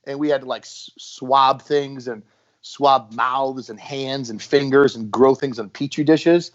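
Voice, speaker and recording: A man telling stories in a casual podcast chat, animated and acting out what people said. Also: mid-range voice, a little slow. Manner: storytelling, animated, acts out quotes. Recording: dull lo-fi podcast audio.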